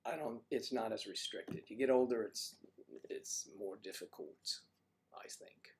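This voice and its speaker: An older man with a husky voice and a cold, chatting casually as a livestream host, rambling and joking with his viewers. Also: on the low side, unhurried, a little mellow. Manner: rambling and joking, talks to chat. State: has a cold.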